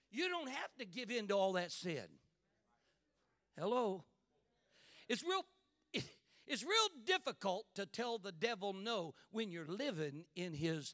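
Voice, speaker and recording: A man preaching a fervent sermon in church, building to shouts and calling out to the congregation. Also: high voice, dry recording.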